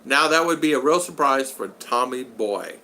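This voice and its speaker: A man's voice: mid-range voice, expressive, moderate pace, gravelly, sharp tone, slight background noise. A man hosting a casual live stream, chatting, reading comments aloud and greeting viewers by name. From United States. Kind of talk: casual live-chat talk.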